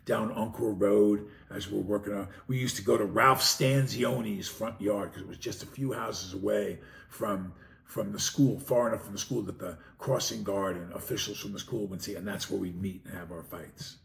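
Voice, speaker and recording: A man's voice: lowish voice, fairly even intonation, moderate pace, gravelly, few pauses, a bit bright. A man, hosting his show and telling a rambling personal story in a conversational way. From New York, Long Island. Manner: rambling, conversational, frequent "you know". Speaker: host. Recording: echoey room with faint noise.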